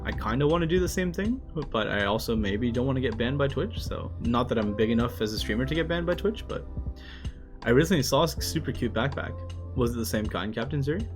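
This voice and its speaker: A male streamer reads a manga aloud in a loose, chatty way, at a medium pitch. He laughs often and follows Japanese lines with quick English translations. Faint music plays behind him. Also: lively intonation. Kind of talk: casual live-stream manga reading.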